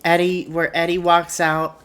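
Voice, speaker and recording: A woman's voice: on the low side, little pitch movement, measured pace, a bit bright, clear, resonant tone. A woman streamer casually narrating a wrestling booking game, retelling scenes in a chatty way.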